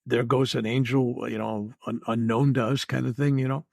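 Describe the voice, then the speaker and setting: Older male reverend, podcast guest. Husky, dry close sound, earnest, meandering delivery. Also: medium pitch, little pitch movement, normal speed, darkish tone, dry recording. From United States. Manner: earnest, rambling, repeats words and says "you know" often. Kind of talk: spiritual podcast interview.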